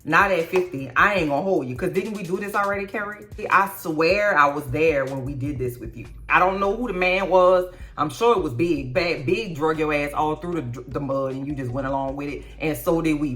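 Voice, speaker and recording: A woman's voice: low-pitched, normal speed, hardly any pauses, fairly bright tone, soft background music. A woman hosting a casual show recap, blunt and profane, with mocking asides. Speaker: YouTube recap host. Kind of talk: casual reaction commentary.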